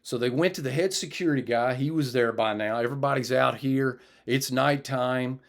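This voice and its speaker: A man telling a personal testimony as a preacher, lively in his retelling and sinking low and quiet when he recalls praying. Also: moderate pace, vocal fry. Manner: animated retelling, raises his voice for others and drops low and quiet for prayer.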